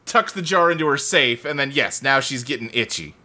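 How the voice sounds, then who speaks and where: A man's voice: medium pitch, expressive, fairly quick, sharp tone. A man co-hosting a casual podcast chat, acting out scenes in funny voices, swearing and laughing often. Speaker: podcast co-host.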